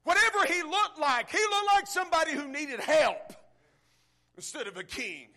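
A male preacher with an unusually high voice and a bright, forceful edge. He moves between hushed, intimate passages and rhythmic climbs that break into shouts. He calls out to the congregation as he goes. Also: lively intonation, normal speed, gravelly. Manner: swings from hushed to shouting, rhythmic build-ups; addresses the congregation directly. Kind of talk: sermon.

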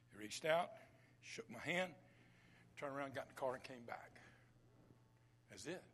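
A man preaching a sermon, swinging between loud declarations and hushed whispers. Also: a little high.

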